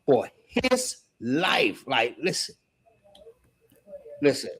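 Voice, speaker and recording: Slow-talking man teaching scripture. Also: fairly high pitch. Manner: animated, slangy, laughs often. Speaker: religious teacher.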